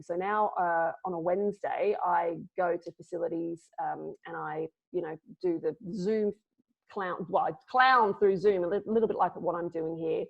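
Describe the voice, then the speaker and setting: A Scottish woman gives a playful, casual online talk as a clown presenter, packing it with dad jokes. Her voice is on the low side and creaky, captured through a video call microphone with lo-fi call audio.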